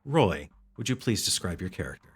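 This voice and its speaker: A man narrating as game master of a tabletop game, with lively, vivid descriptions. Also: sits low, a little fast, breathy edge.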